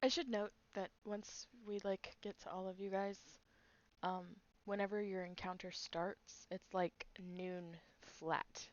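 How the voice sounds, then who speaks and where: A woman's voice: mid-range voice, steady tone, slow. Gm lady narrating a tabletop game, chatty and giggly, kinda muffled lo-fi mic. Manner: chatty, giggly, lots of filler words. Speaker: game master.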